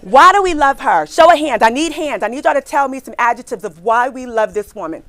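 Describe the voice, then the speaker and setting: A middle-aged woman giving a lively workshop talk on careers to a live audience in a hall, emphatic and repeating her points, often checking in with "right?" and "okay?". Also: high voice, a little fast, faint music behind, a faint crowd. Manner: acts out quotes with a bright smile in her voice.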